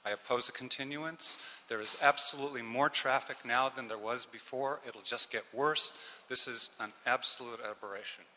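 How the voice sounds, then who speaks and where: A man's voice: mid-range voice, normal speed, hardly any pauses, bright, forceful tone, slight background noise. A man speaking as a longtime resident, bluntly and emphatically opposing a delay. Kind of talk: public comment. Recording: echoey hall with faint clicks.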